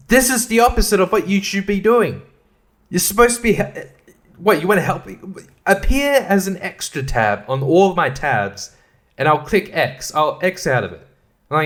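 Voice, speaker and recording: A man's voice: high-pitched, big pitch swings, normal speed. An Australian man in his thirties ranting profanely and exasperatedly as a solo podcast host, laughing at his own complaints. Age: 30s.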